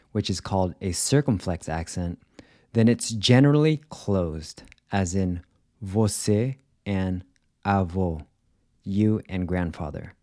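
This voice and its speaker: A man teaching a pronunciation lesson, enunciating each example word carefully in a clear, deliberate voice-over. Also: lowish voice, darkish tone, no echo, studio quality. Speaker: language teacher.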